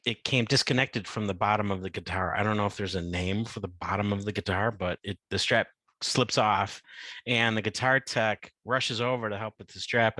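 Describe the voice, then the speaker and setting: A man's voice: on the low side, sharp tone, dry recording. A male podcast host giving a chatty, casual recap with many fillers.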